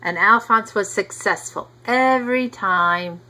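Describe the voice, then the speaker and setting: A woman reading a picture book aloud to a child, gently talking to the listener as she goes. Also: mid-range voice, measured pace, rough recording. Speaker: reader.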